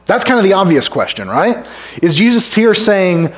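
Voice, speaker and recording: A male pastor preaching an expository sermon in a conversational way, asking the congregation rhetorical questions and dropping to a hush for emphasis. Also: big pitch swings, moderate pace. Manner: drops to a hushed low voice for emphasis. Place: church sanctuary.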